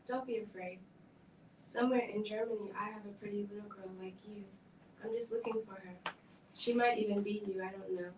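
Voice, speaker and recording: A gentle grown man, a father, talks in a hushed and reassuring way, voiced by a woman reading him aloud. The delivery stays level and even. The sound comes from a distance in an echoey room. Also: mid-range voice, a little fast, a little hiss or hum, lightly acted. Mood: coaxing.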